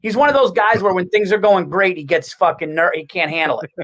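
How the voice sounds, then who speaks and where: A man with a high-set speaking voice, talking as a guest comedian on a chat podcast. He tells crude, animated anecdotes and keeps restarting his sentences as he goes. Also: poor audio. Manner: profane, animated storytelling with quick restarts.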